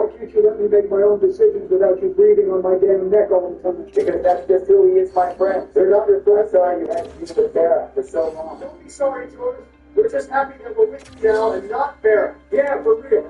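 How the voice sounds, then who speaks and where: A man's voice: sits high, roomy sound, far from the mic, narrow, tinny audio. A man voicing squabbling grown men who trade indignant insults over a board game.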